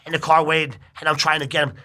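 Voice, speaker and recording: Man, middle-aged, casual podcast guest, profane, animated, slightly high voice. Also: racing. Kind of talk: casual chat.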